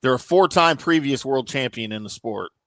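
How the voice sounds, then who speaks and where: A man's voice: mid-range voice, expressive, moderate pace, fairly bright tone, dry recording, low-quality recording. A man co-hosting a sports talk show, joking around with wry hot takes in casual banter. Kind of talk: casual sports radio chat.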